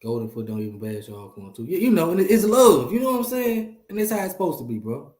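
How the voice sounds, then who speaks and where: A man's voice: fairly high pitch, big pitch swings, fast, a little mellow, reverberant. A man hosting a casual livestream chat, talking animatedly and repeating himself as he addresses viewers. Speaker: host.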